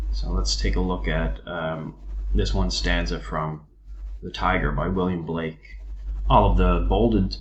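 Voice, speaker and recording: A man teaching a recorded poetry lesson, explaining step by step in an unhurried way with frequent ums and uhs. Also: sits low, reverberant, lo-fi sound, slight background noise.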